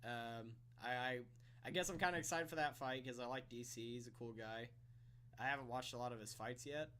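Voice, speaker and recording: Bright-voiced young man rambling casually. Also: medium pitch, a little fast, clear, resonant tone. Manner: rambling, swearing, laughs often, stutters. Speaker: podcast co-host. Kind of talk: casual chat. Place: room with a friend.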